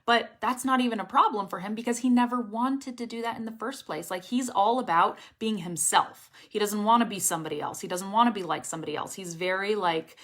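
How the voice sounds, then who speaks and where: A young adult woman teaching an online English pronunciation lesson, lively and encouraging, often checking in with the viewer. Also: medium pitch, brisk, few pauses.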